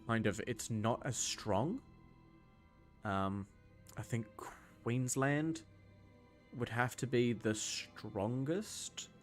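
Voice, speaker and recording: Low-voiced young man chatting over gameplay. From Scotland. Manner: rambling and loose, many ums and restarts. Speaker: gaming video host. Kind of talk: casual gameplay commentary answering chat.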